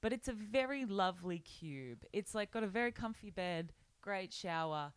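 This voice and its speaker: A woman's voice: medium pitch, animated, normal speed, smooth, no room sound. Chatty young woman, dry close sound. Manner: bubbly storyteller, many likes and ums. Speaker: podcast co-host. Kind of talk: casual chat. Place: small hotel room.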